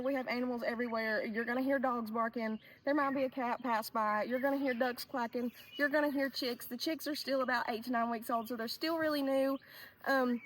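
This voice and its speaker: A woman's voice: high-pitched, a bit bright, a little hiss or hum. A young woman giving a chatty, upbeat walk-around tour of her farm, filmed outdoors on a handheld phone. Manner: chatty, upbeat, says "y'all" constantly. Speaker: homesteading vlogger. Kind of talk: casual walk-around vlog. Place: outdoors on a farm, by coops and garden. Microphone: handheld phone, no tripod.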